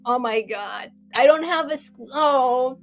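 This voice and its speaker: A woman's voice: high voice, measured pace, faint music behind. A woman hosting a live sale stream, rambling in a chatty way and gushing thanks at her viewers.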